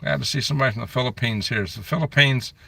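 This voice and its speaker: A man's voice: medium pitch, rapid-fire, gravelly, pushed and bright, breathy edge, recorded from a distance. A man hosting a casual live stream on his phone, chatting and grumbling as he reads out where viewers are from. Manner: reads out viewer comments and locations.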